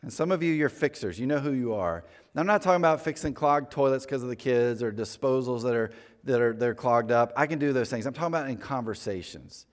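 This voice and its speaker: A man gives a sermon from the front of a church, his medium-pitched voice trailing off into a long hall reverb. He talks in an easy, conversational way and pokes fun at himself. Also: animated, a little fast. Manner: conversational, self-deprecating preaching. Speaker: pastor.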